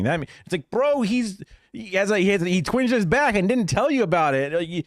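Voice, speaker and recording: A man's voice: high-pitched, expressive, a little fast, no echo, clean studio sound. A man reacting to videos on a live stream, swearing constantly and mocking the people in the clips with put-on voices.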